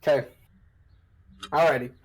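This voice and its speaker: A man's voice: on the high side, steady tone, a little slow, over a noisy crowd, poor audio. A man narrating as dungeon master in a casual, rambling way, with many fillers and restarts. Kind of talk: narrating a tabletop game.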